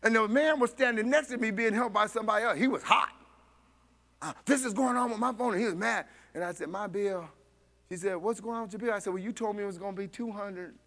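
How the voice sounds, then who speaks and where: A man preaching a sermon, telling a story with animated voices for each person and laughing along. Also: sits high, fast.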